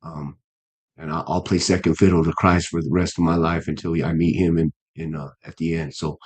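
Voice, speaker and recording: A man's voice: deep voice, a little mellow. A man in his fifties, a guest boxer in a casual interview, talking earnestly with many restarts and fillers. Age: 50s.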